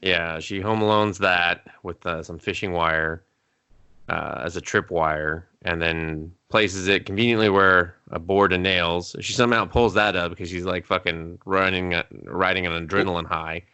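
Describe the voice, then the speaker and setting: A man co-hosting a casual movie review podcast, swearing often and acting out scenes in quick put-on voices. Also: sits low, fairly even intonation, sharp tone, clean tone. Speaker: podcast co-host. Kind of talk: casual film review chat.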